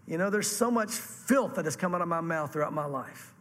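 A man preaching a sermon to a congregation, animated and acting out the voices he quotes. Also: high-pitched, normal speed, in a large hall. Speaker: pastor.

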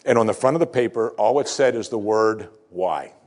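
A man with a fairly low voice delivers a sermon to his congregation. He tells a story with deliberate dramatic pauses, and he slows down to stress the lines that matter. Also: a little mellow. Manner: emphatic, slows for key phrases. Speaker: pastor.

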